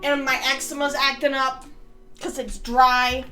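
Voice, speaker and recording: Bright-voiced woman streamer, swearing and ranting. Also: steady tone, unhurried, faint music behind. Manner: rambling, swears often, complains in loud high bursts. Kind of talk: casual gaming stream chat.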